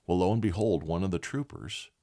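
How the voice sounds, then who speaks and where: Deep-voiced man telling a story. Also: a little fast, vocal fry. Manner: animated storyteller who chuckles often; folksy and candid. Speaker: podcast host. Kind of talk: leadership podcast storytelling.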